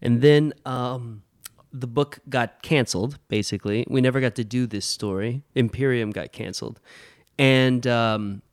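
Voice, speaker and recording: A man speaking as a podcast guest, relaxed and thinking aloud as he talks. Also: medium pitch, unhurried, dry recording, studio quality. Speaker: guest comics writer. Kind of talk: casual interview talk.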